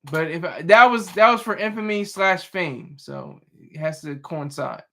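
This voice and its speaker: High, bright-voiced man hosting a live chat. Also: measured pace, creaky. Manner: playful, teasing, restarts words often. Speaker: livestream host. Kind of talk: casual chat reading live comments.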